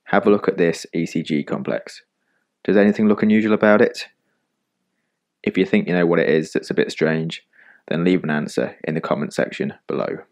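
A man narrating an animated medical lesson in a calm, measured, scripted voice-over, recorded close on a studio mic. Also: deep voice. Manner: calm, measured explanatory delivery.

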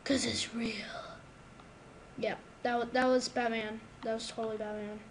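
A woman giving casual gameplay commentary, excitable and protesting loudly whenever she loses, recorded on a home microphone. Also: a little high, moderate pace, a little hiss or hum. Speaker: gamer. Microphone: new desktop microphone.

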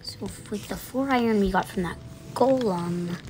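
A woman's voice: mid-range voice, moderate pace, a little mellow. A woman streamer chatting casually to herself as she plays, sometimes singing and muttering under her breath. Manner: chatty, sings and mutters to herself while playing. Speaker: gameplay streamer. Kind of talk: casual let's-play commentary. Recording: background music under the voice.

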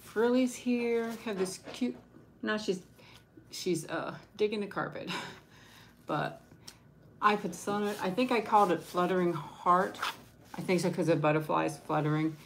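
A woman hosting a casual live stream, chatting warmly and gushing, thanking viewers one by one. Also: medium pitch, vocal fry, a little hiss or hum. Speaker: livestream host showing handmade junk journals.

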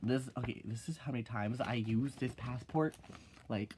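A teenage boy vlogs in a loose, rambling way, with a middle pitch that sits about where most young guys talk. He swears and fills every gap with "like" and "freaking", then jumps into loud, squeaky exclaims to mock things. Faint noise hums behind him. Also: normal speed. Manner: swings into loud high exclaims when mocking. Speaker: vlogger. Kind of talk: casual vlog chat.

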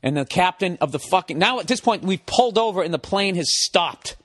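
A comedian in his forties from America, telling a story in an animated, exasperated way, swearing constantly. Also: high-pitched, a little fast, no room sound. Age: 40s. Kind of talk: profane comic storytelling.

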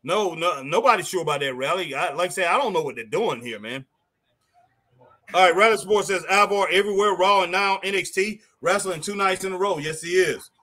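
A man calls out the wrestling he's watching live and reads viewer comments in a loose, chatty way. His voice sits a bit high and sounds bright and forceful. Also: a little fast. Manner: excitable, exclaims at the action. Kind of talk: casual chat, reading viewer comments.

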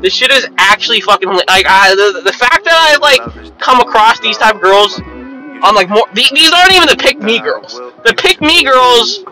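A man's voice: very high voice, expressive, moderate pace, sharp tone, soft background music, poor audio. A young man ranting casually and rambling, with lots of swearing and "you know what I mean" as he talks. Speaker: vlogger. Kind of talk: casual rant to camera.

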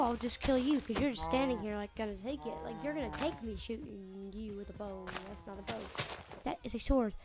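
A woman giving casual gameplay commentary, chatting as she plays and yelling at the in-game animals and villagers. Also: fairly high pitch, normal speed, over music. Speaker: gamer.

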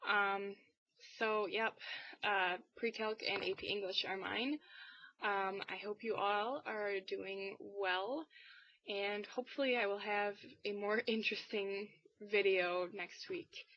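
A teenage girl in a casual weekly vlog, talking in a rambling, low-key way with lots of fillers. She sounds tired and a bit under the weather. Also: fairly even intonation, takes it slowly. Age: teens. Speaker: vlogger. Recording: dull, dry lo-fi webcam audio.

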